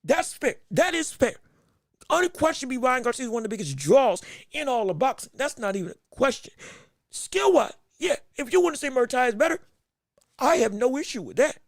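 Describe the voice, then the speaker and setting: A man hosting a live boxing podcast, talking casually and getting excitable, repeating words when he gets flustered. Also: very high voice, fairly quick, no room sound, clean studio sound. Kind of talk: casual live-stream commentary.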